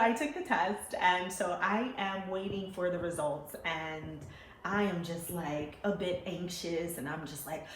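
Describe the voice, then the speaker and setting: A woman telling her own life story to her viewers, emotional and animated, acting out the voices she quotes. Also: lowish voice, measured pace. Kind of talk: personal storytelling to camera. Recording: echoey room with faint ambient noise.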